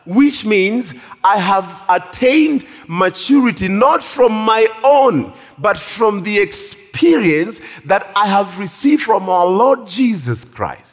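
A man preaching a sermon in a church hall with animated, drawn-out emphasis. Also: sits high. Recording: long reverb of a large hall.

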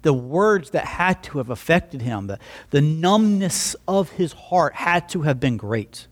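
Slightly high and sing-song, this man's voice moves a little slowly. He is a pastor preaching conversationally, narrating a story, acting out both sides of a dialogue, and often restarting on repeated words.

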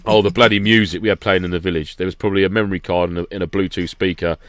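Man, low voice, dry close sound, casual storytelling. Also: very fast, no room sound. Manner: animated storytelling, acting out quotes. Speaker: guest. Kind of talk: casual chat.

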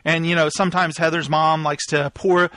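A man in his thirties hosts a live podcast and tells a story in a loose, animated monologue. His voice sits high and sounds bright. He acts out both sides of each conversation. The recording is dry and close. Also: normal speed, no room sound. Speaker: podcast host.

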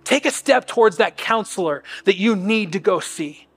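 A man's voice: high voice, animated, normal speed, husky. A middle-aged man preaching a sermon as a pastor, earnest and conversational, often restarting his phrases.

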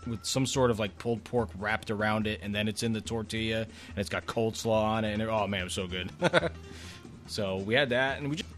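Rambling low-voiced man telling a story. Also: brisk, a bit bright, soft background music. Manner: rambling, chatty, with frequent restarts. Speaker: podcast co-host. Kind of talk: casual podcast storytelling.

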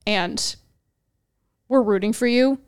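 A woman co-hosting a podcast, speaking in a smooth, clear voice. She talks earnestly and reflectively about faith, letting her thoughts run on in long, flowing stretches. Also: a little high, slow pace. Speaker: podcast co-host. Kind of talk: casual faith talk.

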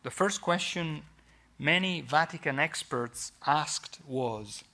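A middle-aged Italian man gives a formal lecture in English, his accent clear throughout. He talks very slowly and deliberately, filling gaps with "uh" and restarting phrases. His voice has a gravelly texture with a bright, forceful edge. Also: on the high side. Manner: measured, with frequent fillers and restarts. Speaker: guest lecturer.

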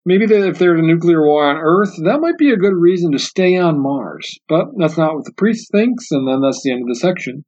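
A man with a fairly high voice hosts a solo book podcast, talking earnestly and reflectively and often restarting his sentences. He reads quoted passages slowly and carefully. The audio sounds dull and muffled, like a lo-fi recording. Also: lively intonation, a little mellow. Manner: slow, careful reading of passages aloud. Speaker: podcast host.

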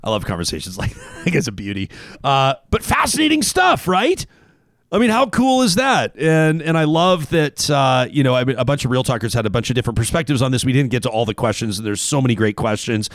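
A man's voice: medium pitch, fast, few pauses, no echo. A man hosting a talk show, chatting casually and joking, with frequent laughs and read-out sponsor spots. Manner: animated, jokey, laughs often. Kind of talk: casual talk radio chat.

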